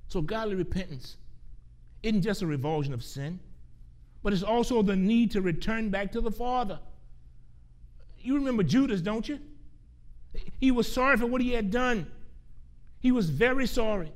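A male preacher with a notably high voice delivers a sermon in an earnest, emphatic way. He repeats key phrases for weight and slows down when quoting scripture. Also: expressive.

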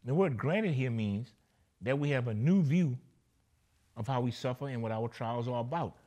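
A man's voice: mid-range voice, expressive, moderate pace, warm tone. A man preaching a sermon, repeating phrases and checking in with his listeners. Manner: emphatic, repeats phrases and asks the listeners "right?".

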